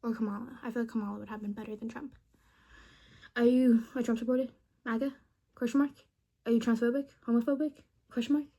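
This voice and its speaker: A woman's voice: on the high side, fairly even intonation, fast talker, pauses often, dark tone. Rambling young woman chatting playfully. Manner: rambling, playful, mumbles asides. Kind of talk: casual chat with a chatbot.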